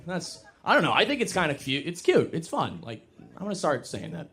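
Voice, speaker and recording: A young man performing stand-up comedy on a club stage, talking casually and poking fun at himself, now and then jumping into high mocking voices. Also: huge pitch swings, fairly quick, fairly bright tone, husky. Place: comedy club stage before a live audience.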